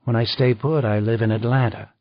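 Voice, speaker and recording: A man's voice: mid-range voice, fairly even intonation, a little fast, no room sound, natural voice. A man voicing a poised, chatty female travel writer in an audiobook reading. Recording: slightly dull dry recording.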